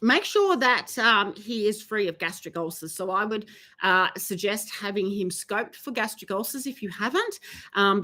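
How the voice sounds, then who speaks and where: Woman, bright tense voice, halting with ums, live q&a advice. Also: mid-range voice. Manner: hesitant, lots of ums, advice-giving. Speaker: horse trainer answering viewer questions. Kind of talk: live Q&A chat.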